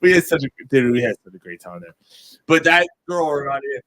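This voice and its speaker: A man's voice: mid-range voice, very animated, fairly quick, a bit bright, no echo, low-quality recording. A man co-hosting a casual sports podcast, telling rambling stories with laughs and swearing. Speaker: podcast co-host. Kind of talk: casual bar-style chat.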